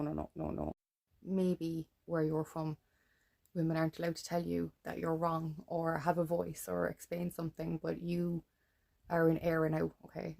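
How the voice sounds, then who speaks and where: An Irish woman with a low voice, ranting straight to camera. She swears freely and drops "right?" all through her story, with a gravelly edge on her voice. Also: a little mellow. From Ireland. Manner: blunt, swears freely, keeps adding "right?". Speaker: vlogger.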